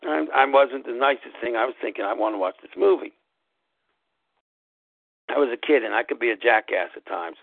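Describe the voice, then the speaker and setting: A man hosting a show, telling a personal story in a slow, deliberate way and spelling things out letter by letter. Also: medium pitch, creaky, no echo. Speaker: podcast host. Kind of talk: casual storytelling monologue. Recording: tinny phone-like line, dry.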